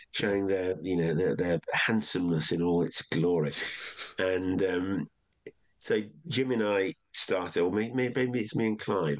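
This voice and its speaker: An older man, a comedian guest, telling rambling anecdotes in relaxed chat, often acting out what others said. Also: sits low. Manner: rambling, with many restarts and acted quotes.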